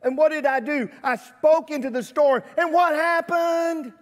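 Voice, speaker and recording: A man's voice: very high voice, fairly even intonation, extremely slow, a bit bright, pitched above the performer's own voice, exaggerated voice. A man playing an exasperated teacher who scolds panicky followers with raised, incredulous rhetorical questions. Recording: church livestream with long hall reverb.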